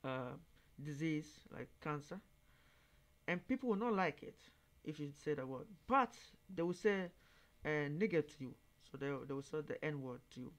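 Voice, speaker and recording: Man, reaction host; halting, word-searching English, turns emphatic. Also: fairly high pitch, animated. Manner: halting, searching for words, then emphatic and raised when quoting others. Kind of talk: casual monologue commentary.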